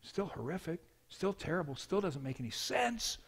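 Higher-voiced preaching man. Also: sing-song, normal speed, breathy edge. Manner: storytelling preacher, swings from hushed to loud. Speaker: pastor. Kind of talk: sermon.

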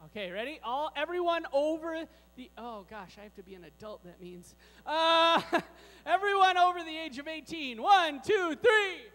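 A very high-voiced man leads a children's sermon full of jokes aimed at the kids and the grown-ups. His voice carries a long reverb through the spacious sanctuary, over a faint mains hum. He talks at a normal speed in a sing-song, fairly bright way.

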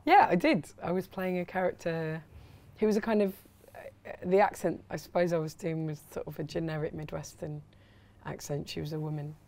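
A woman's voice: low voice, brisk, a little mellow. A woman as a guest in a comedy sketch, polite and hesitant, checking what she is asked to do. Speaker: comedian guest playing a student actor.

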